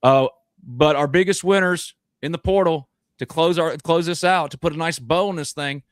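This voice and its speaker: A man's voice: on the high side, normal speed, no echo, clean studio sound. Laid-back man talking sports. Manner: rambling, loose, many fillers. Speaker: podcast host. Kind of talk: casual sports chat.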